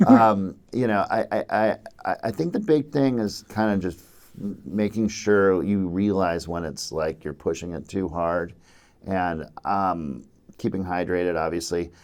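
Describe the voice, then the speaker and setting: A man in his fifties from Minnesota, a musician guest chatting casually in a radio studio, halting and repeating his words as he restarts his thoughts. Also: sits low, a little mellow. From Minnesota, USA. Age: 50s. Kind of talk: casual interview chat. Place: radio station studio session.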